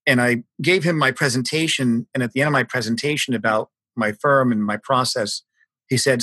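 A man's voice: mid-range voice, fairly even intonation, a little fast, sharp tone, dry recording. A man hosting an interview, asking questions in a curious, conversational way. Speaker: podcast host, recruiter.

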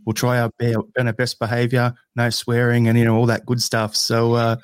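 An Australian man hosts a football podcast over an online call, chatting casually in a mid-range, clear, resonant voice. He's relaxed but halting, with many fillers, and the studio sound is clean with no echo.

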